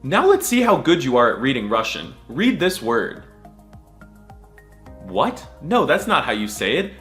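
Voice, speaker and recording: This young man's mid-range voice is a bit bright as he narrates a jokey language lesson from a script. He stays mock-solemn while being sarcastic and crude.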